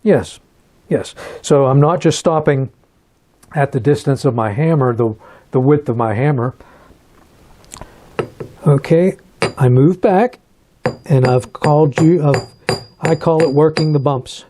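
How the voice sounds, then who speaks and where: A man teaching metal forging in a hands-on demonstration, talking in a relaxed and halting way and repeating words while he works. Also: on the high side, noisy background. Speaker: metalsmith instructor.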